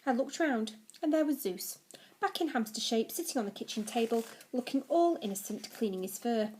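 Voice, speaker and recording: A woman teacher reading a children's novel aloud to her class, telling it in a lively way. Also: on the high side, normal speed, slight background noise.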